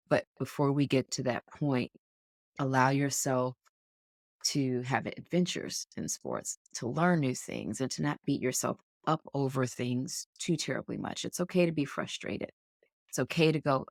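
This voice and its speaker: Her very deep voice carries some vocal fry at a normal speed as she co-hosts an indoor sports podcast, chatting casually in an earnest, encouraging, coach-like manner. The recording is clean studio sound with no room noise.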